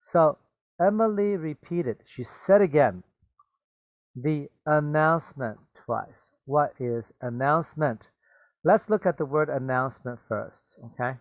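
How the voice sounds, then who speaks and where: A man's voice: on the high side, a little slow, dry recording. A man teaching a reading lesson, reading a story aloud and patiently explaining the words, often checking with "okay?" and "right?".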